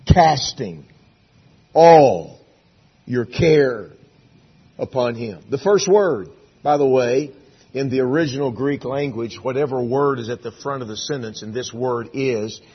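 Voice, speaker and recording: Husky emphatic preacher man. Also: medium pitch, normal speed, dull audio. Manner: swings from soft and hushed to loud emphatic preaching. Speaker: pastor. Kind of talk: sermon.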